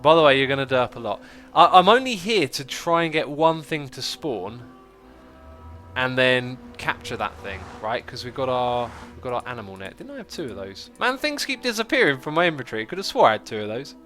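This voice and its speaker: A man hosting a casual gameplay livestream, chatting, thinking out loud and answering viewer comments. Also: mid-range voice, big pitch swings, a little fast, soft background music. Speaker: livestream host.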